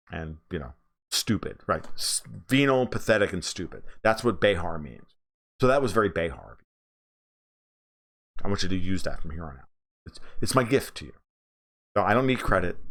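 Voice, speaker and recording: A man's voice: low voice, fairly bright tone. A man hosting a casual political livestream, ranting sarcastically and profanely, with many fillers and restarts.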